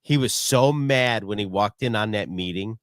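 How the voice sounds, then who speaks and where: A man's voice: lowish voice, moderate pace, a bit bright, no echo, clean studio sound. A man co-hosting a podcast, laid-back and crude, often laughing and swearing. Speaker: podcast co-host. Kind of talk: casual crude podcast banter.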